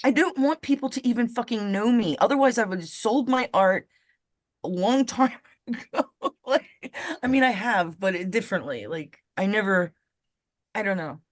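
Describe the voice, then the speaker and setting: A woman's voice: mid-range voice, moderate pace, dry recording. Woman, blunt and rambling, swears freely, dry close sound. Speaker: podcast co-host. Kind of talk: casual political chat.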